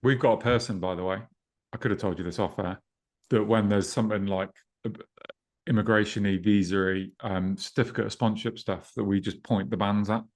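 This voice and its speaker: A man with a low voice trades relaxed, dry jokes with his co-host on a podcast. He speaks in an easy, conversational way. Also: a little fast. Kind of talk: casual podcast chat.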